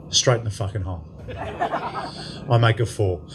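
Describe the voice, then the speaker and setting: A man's voice: lowish voice, normal speed, noisy background. An Australian man in his fifties telling a profane story as an after-dinner guest speaker in a club function room. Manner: profane, lively anecdote telling to a crowd.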